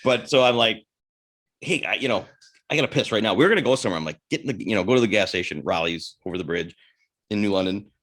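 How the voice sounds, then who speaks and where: On the low side with a fairly bright tone, this man speaks fast while co-hosting a casual podcast. His crude anecdote wanders all over, full of self-interruptions and fresh starts.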